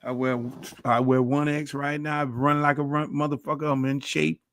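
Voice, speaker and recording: Gravelly middle-aged man preaching profanely. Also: fairly high pitch, flat delivery, normal speed, fairly bright tone, no echo. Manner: preachy, boastful, heavy swearing. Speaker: podcast host. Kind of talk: profane monologue.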